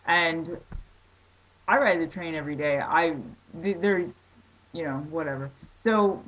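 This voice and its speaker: A woman telling a story casually on her vlog, excitable and rambling, full of "like". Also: low-pitched, a little slow, dull audio. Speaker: vlogger.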